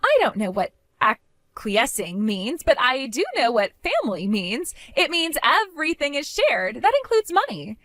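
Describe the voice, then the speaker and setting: A woman's voice: sits high, very animated, unhurried, a bit bright, heavily acted. A woman doing a whiny, greedy sister-in-law. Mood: scheming. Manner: whiny, sing-song, demanding. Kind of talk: voiced story drama.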